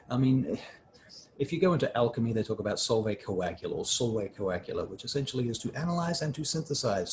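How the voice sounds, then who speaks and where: A man's voice: medium pitch, darkish tone, a little hiss or hum. A middle-aged man giving a casual, rambling lesson on acting for roleplaying games, often breaking off and restarting his sentences. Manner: rambling, self-interrupting. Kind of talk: casual instructional talk.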